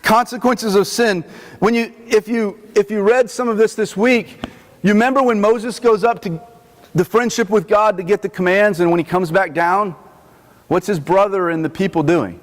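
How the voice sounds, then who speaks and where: A man preaching a sermon in a chapel in a conversational, animated teaching manner. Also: high-pitched, moderate pace. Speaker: chaplain. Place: army post chapel. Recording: long reverb of a chapel.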